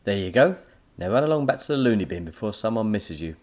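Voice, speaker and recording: A man's voice: fairly low pitch, very animated, quick pace, a little mellow. A man voicing a mocking, sarcastic grown man serving behind a burger counter.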